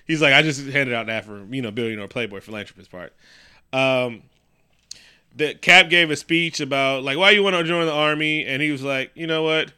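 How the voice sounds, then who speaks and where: Bright clear-voiced man joking through a movie recap. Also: medium pitch, moderate pace. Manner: profane, joking, acts out quotes. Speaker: podcast co-host. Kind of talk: casual movie recap chat.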